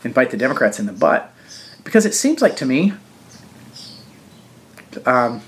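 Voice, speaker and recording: A man hosting a show, giving a casual political commentary monologue in a halting way with frequent restarts and fillers. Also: medium pitch, very animated, a bit bright. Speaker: show host.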